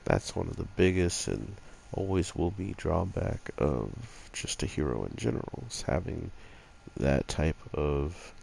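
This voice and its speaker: A man's voice: very deep voice, gravelly, a little mellow, a little hiss or hum. A man casually reviewing an anime episode late at night, sounding sleepy and rambling in a laid-back way.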